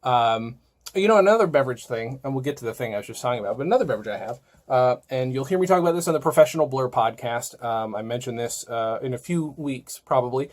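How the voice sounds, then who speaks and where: A man's voice: mid-range voice, animated, quick pace. A man in his thirties talking casually to camera as a vlogger, rambling and joking, often breaking off mid-sentence. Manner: rambling, self-interrupting, joking. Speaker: vlogger and podcaster.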